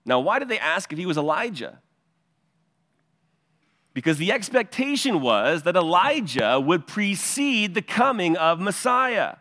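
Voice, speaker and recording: A man's voice: high voice, sing-song, measured pace, sharp tone, in a large hall. A male pastor preaching an expository sermon in an earnest teaching cadence, pointing listeners to verses.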